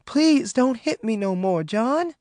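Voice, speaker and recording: A man's voice: very high-pitched, animated, moderate pace, no room sound, pitched above the performer's own voice. A man voicing a frightened, pregnant young woman in an audiobook, who talks in a pleading, tearful way. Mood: begging. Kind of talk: audiobook character voice.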